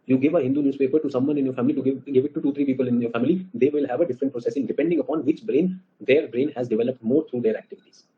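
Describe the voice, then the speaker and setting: A man lectures a class with an Indian English accent, animated and always checking whether the students follow. He talks at a brisk clip in a mid-pitched voice. The recording sounds muffled and lo-fi. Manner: animated, asks the class questions often. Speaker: teacher.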